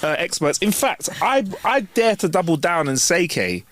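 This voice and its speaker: A man co-hosting a casual podcast, telling stories with animated bursts and laughs. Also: high voice, moderate pace, slight background noise. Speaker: podcast co-host.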